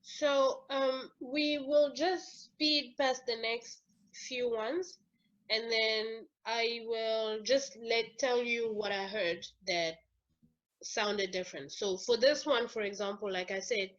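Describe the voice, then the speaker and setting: A woman's voice: fairly high pitch, fairly even intonation, slow pace, fairly bright tone, highs cut off. A woman teaching an English lesson, patiently explaining step by step with fillers. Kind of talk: online language lesson.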